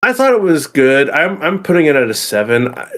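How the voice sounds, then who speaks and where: A man's voice: fairly high pitch, fairly quick. Laid-back man chatting on stream. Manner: relaxed, rambling, with fillers and restarts. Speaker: guest co-host. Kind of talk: casual chat.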